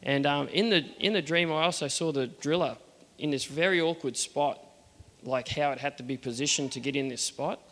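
A man's voice: on the high side, moderate pace, a bit bright, long reverb tail. A man with an Australian accent earnestly telling a personal faith story, acting out the dialogue. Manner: earnest, plain-spoken, acts out the dialogue.

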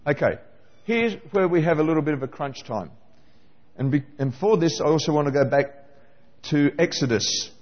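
Male preacher, high voice, questions the congregation, dull roomy hall sound. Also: normal speed. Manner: animated, questioning the congregation directly. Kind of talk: sermon.

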